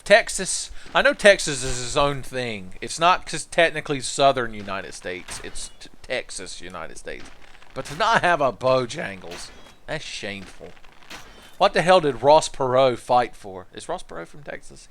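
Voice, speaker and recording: A man giving casual commentary over his gameplay, riffing and cursing freely. His pitch swings widely as he jumps between loud outbursts and low asides. His voice sits in a middle register. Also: moderate pace, slight background noise. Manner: joking, profane, excitable outbursts. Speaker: livestreamer playing a video game.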